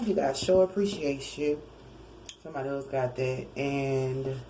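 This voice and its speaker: A woman with a low voice talks through a tarot reading in a loose, conversational way. She wanders off track, corrects herself mid-sentence and slips in chuckling asides. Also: fairly quick, warm tone, a little hiss or hum, poor audio. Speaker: tarot card reader. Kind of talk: casual spoken tarot reading.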